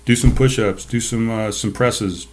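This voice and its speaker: A low-voiced man hosts his own podcast, talking solo into a desk microphone. He rants in a fired-up way and swears freely as he pushes his point. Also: steady tone, a little slow. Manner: fired-up, profane ranting. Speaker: podcast host. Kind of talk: casual solo podcast monologue. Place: seated at a desk.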